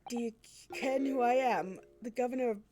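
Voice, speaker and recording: A woman's voice: on the high side, moderate pace, mellow, pitched above the performer's own voice, close to an everyday voice. A woman voicing a hostile, brusque male prison governor with a put-on Scottish accent, in a noisy recording. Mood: gruff. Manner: brusque, dismissive.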